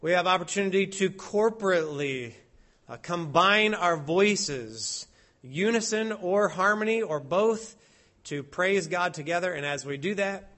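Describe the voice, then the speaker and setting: A man's voice: high voice, expressive, measured pace, bright, forceful tone. A man leading worship as a pastor, reading psalms and preaching a sermon in an earnest, declamatory way. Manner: earnest, declamatory with emphatic rises. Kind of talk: sermon and liturgy.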